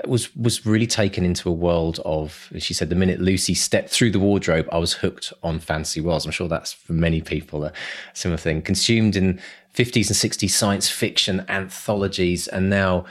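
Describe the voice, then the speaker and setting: A male podcast host introducing segments in an upbeat, enthusiastic way. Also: low-pitched. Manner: upbeat, enthusiastic, repeats "brilliant stuff". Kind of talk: casual podcast chat.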